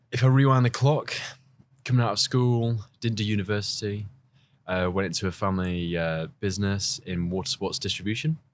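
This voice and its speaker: Man, English accent, low pitch, chatty storyteller, faint background hiss. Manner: chatty, rambling storyteller with restarts. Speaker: podcast guest, video journalist. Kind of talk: casual interview talk.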